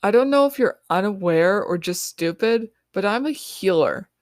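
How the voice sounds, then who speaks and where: A woman's voice: medium pitch, wildly swooping pitch, normal speed, no echo. Lady doing a whiny bratty teen girl, snarly and stuck-up, dry close sound. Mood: scornful. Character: bratty, arrogant teenage girl healer.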